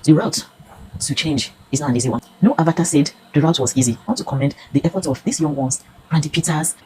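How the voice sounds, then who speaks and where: A woman's voice: low-pitched, quick pace, darkish tone, slight background noise, rough recording. A Nigerian woman in her fifties giving an earnest, pleading personal testimony. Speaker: consumer reviewer.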